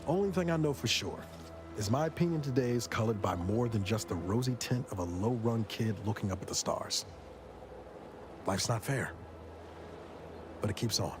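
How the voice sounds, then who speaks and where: A man's voice: lowish voice, expressive, moderate pace, long pauses, close to an everyday voice. A man playing a weary male space agent, speaking in a dry, wry, reflective way in game dialogue. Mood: wistful. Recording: game audio with music behind.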